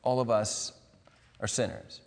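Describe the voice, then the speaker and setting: A man's voice: fairly low pitch, fairly even intonation, a little slow, vocal fry, darkish tone. A man preaching a sermon as pastor, earnest and emphatic, repeating key words and restarting phrases now and then. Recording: long hall reverb.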